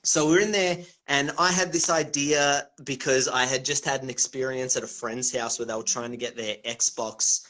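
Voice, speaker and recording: A man's voice: medium pitch, steady tone, normal speed, few pauses, bright, forceful tone. An Australian man, a comedian guest, telling rambling stories in a casual interview, swearing freely and laughing often. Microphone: video call.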